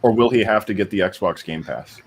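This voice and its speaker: A man with a low voice, chatting on a podcast and probing the others with curious questions. His tone stays casual and inquisitive. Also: animated, a little fast, slight background noise. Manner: curious, asks lots of questions. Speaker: podcast co-host. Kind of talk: casual chat.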